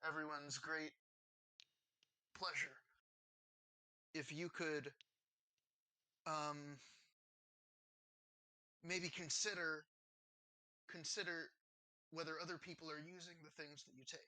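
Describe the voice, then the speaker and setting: A hesitant, polite player in a tabletop game, with a mid-pitched voice that is very bright and sharp. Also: level tone, unhurried, pauses often.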